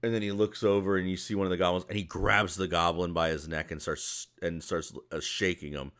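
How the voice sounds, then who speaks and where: A man narrating as game master in a tabletop game, relaxed and rambling with fillers. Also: low-pitched, brisk.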